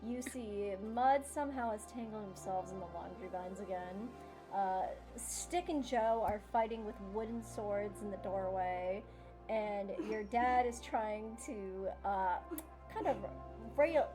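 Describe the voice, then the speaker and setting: A woman's voice: medium pitch, measured pace, music in the background. A woman running a tabletop game as game master, narrating casually with swearing and giggles.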